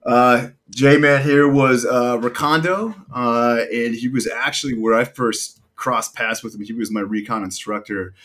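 A man hosting a podcast in casual chat, an energetic, profane storyteller with a brotherly tone. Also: medium pitch, unhurried, hardly any pauses. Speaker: podcast host.

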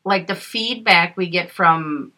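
A woman's voice: on the low side, slow, sharp tone. A middle-aged woman co-hosting a podcast in casual chat, chatty, laughing often and swearing freely. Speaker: podcast co-host.

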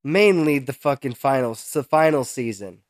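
A young man co-hosting a casual podcast, rambling and halting as he searches for words, with some swearing. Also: mid-range voice, expressive, dry recording, clean studio sound. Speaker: podcast co-host. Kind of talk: casual chat.

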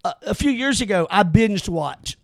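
A man co-hosting a casual podcast, reading an article aloud in a halting way with restarts and exclamations. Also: high voice, expressive, no echo, studio quality. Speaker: podcast co-host.

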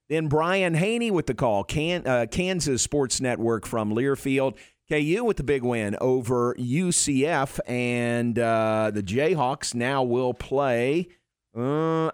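A man hosts a sports talk radio show in an easy, joking way, with a few fillers here and there. His voice is mid-pitched and sits close and dry on a studio microphone. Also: clean tone, dry recording.

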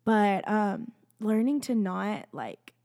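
A young woman, a student, talking casually and earnestly to the camera about her feelings and faith, full of "like" fillers and dipping into soft whispers. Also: medium pitch, sing-song, takes it slowly. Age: young adult. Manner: rambling, constant "like" fillers, drops into soft whispers. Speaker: student sharing a faith journey. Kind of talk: casual heartfelt talk to camera. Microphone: own microphone, close.

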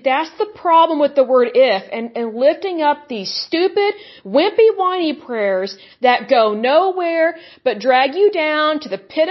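A high-voiced woman, recorded with the top frequencies cut off, gives an impassioned sermon. As a preacher she's blunt and derisive, lampooning rejected views with mocking put-on voices.

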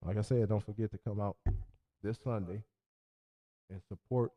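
Male podcast host, loose slangy sign-off, lively and animated. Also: on the low side, normal speed, muffled recording. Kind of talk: casual sign-off monologue. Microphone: podcast mic.

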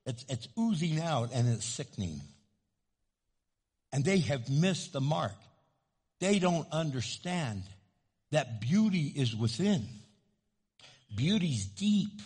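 A man's voice: fairly high pitch, big pitch swings, slow, pauses often, a little mellow, husky, long reverb tail. A man preaching a sermon as a pastor, emphatic and leading the congregation in call-and-response.

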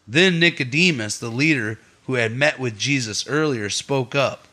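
A man with a bright, forceful voice reads scripture aloud to his family at home. His reading is steady, broken by easygoing asides to everyone listening. He sits in the middle range for pitch. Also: normal speed. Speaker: father leading a family Bible study.

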